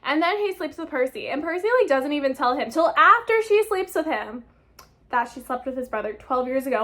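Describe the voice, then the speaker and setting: A woman's voice: high-pitched, expressive, moderate pace, a bit bright. A woman in her twenties, a book vlogger, ranting in a casual, exasperated review and swearing freely.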